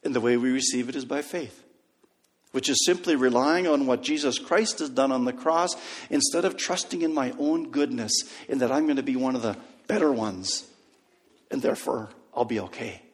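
A man's voice: medium pitch, moderate pace, slightly rough. Preacher man in a reverberant hall. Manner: storytelling, dropping to a hush on key lines. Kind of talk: sermon.

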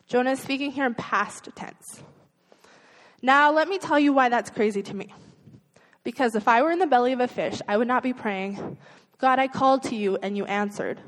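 A woman's voice: a little high, normal speed. Earnest woman preaching in a reverberant hall. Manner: earnest, conversational preaching with rhetorical questions. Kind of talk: sermon.

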